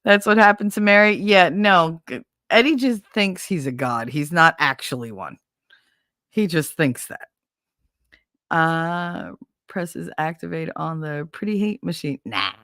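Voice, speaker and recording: A woman's voice: low voice, expressive, measured pace, a bit bright, no room sound, clean studio sound. A middle-aged woman hosting a casual livestream, telling a story with laughter, swearing and acted-out quotes. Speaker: livestream host. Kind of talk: casual storytelling chat with viewers.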